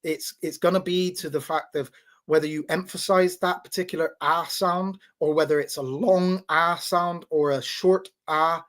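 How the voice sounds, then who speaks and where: Halting man explaining with restarts. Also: a little high, steady tone, fairly bright tone. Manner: halting, many restarts and repeated words; teaching tone, checks in with "right?". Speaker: podcast host. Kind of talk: casual explanatory talk.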